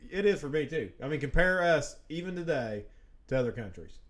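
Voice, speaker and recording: A man co-hosting a podcast, chatting casually about the news and backing up his partner with quick agreement. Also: fairly high pitch, lively intonation, a bit bright. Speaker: podcast co-host. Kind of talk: casual news commentary chat.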